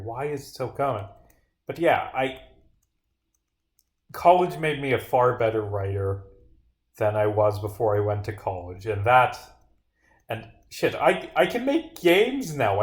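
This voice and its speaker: Young male streamer, middle pitch, rambling and sarcastic, swears a lot, roomy echo. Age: young adult. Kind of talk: casual livestream commentary while gaming.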